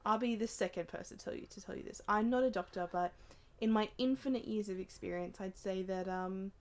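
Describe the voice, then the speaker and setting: A woman's voice: mid-range voice, a little fast, a little mellow. A woman co-hosting a casual podcast, dry and teasing with an amused tone. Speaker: podcast co-host.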